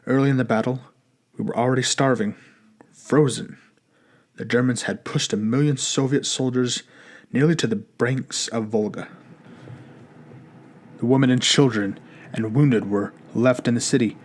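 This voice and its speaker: A man's voice: medium pitch, steady tone, moderate pace, long pauses, slight background noise, lightly acted. A man doing a stern old Russian grandfather. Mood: grave. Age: older.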